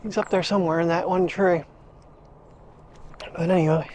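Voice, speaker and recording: A man's voice: sits high, fairly even intonation, moderate pace, darkish tone, a little hiss or hum. A man vlogging casually outdoors while walking his dog, rambling, chuckling and talking to the dog as he goes, on a clip-on mic. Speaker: daily vlogger. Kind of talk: casual chat. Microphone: wireless clip-on mic.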